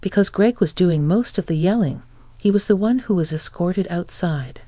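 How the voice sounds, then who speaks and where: A woman reading a first-person family drama story in a steady, plain storytelling manner. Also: fairly low pitch, moderate pace, dry recording. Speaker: narrator.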